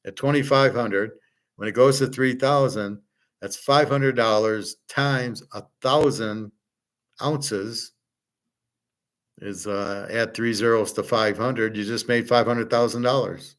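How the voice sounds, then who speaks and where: A man's voice: medium pitch, fairly even intonation, slow pace, fairly bright tone. A man hosting a casual livestream, answering viewers' chat questions in a blunt, opinionated, rambling way.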